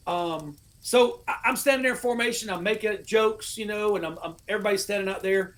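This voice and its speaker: Animated American veteran spinning a profane yarn. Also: male voice, sits high, a little fast, hardly any pauses. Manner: animated, profane storyteller, acts out his old orders. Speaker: podcast guest, army veteran. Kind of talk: casual storytelling.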